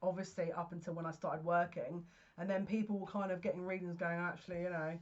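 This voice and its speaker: A woman's voice: lowish voice, fairly even intonation, fast talker, darkish tone, dull audio. A woman giving a casual tarot reading, earnest and emotional, rambling with frequent restarts. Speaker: psychic tarot reader. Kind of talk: casual spoken reading to camera.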